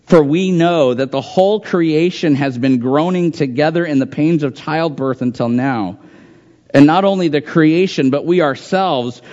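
A pastor delivers an earnest sermon, reading scripture aloud and doubling back on phrases to drive them home. His voice sits a touch high for a man. The recording is dull and lo-fi. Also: a little mellow. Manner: earnest preaching, reads scripture aloud, repeats phrases for emphasis.

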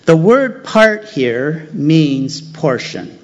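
Man, sermon, very slow delivery, repeats key phrases, muffled lo-fi sound. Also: fairly high pitch, very animated. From United States. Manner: deliberate, emphatic repetition of key phrases. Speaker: preacher.

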